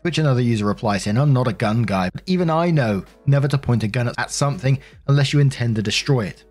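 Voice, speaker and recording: A man's voice: medium pitch, animated, fast talker, a little mellow, soft background music. A British man narrating posts from an online forum and adding his own blunt, casually sworn comments. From United Kingdom. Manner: blunt, swears casually in asides. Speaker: storytelling channel narrator.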